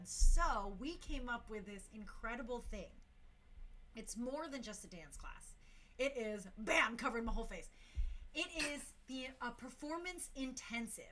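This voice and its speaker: A woman's voice: fairly high pitch, pushed and bright, slight background noise. A young woman hosting a casual talk show for a dance crew. She talks in an enthusiastic, chatty way, full of slang and fillers.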